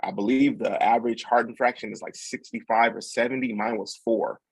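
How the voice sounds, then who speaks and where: A man in his forties tells his story in a gravelly, husky low voice, close and dry. He acts out the nurses, the doctor and his friend with easygoing street slang. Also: fairly quick, dry recording. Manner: animated, acts out quotes with slang. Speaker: podcast guest. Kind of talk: casual storytelling.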